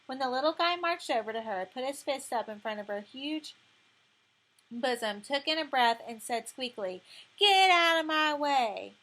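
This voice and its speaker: A woman narrating an audiobook in a measured, expressive storytelling way. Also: a little high, rough recording.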